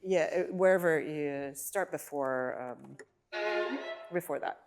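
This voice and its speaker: A woman's voice: sits low, takes it slowly, loud music behind the voice. A woman teaching a violin masterclass in a recital hall, giving short encouraging cues while a student plays and humming phrases to show how they should go. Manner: encouraging, repeats praise. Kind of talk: masterclass coaching over live playing. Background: violin playing.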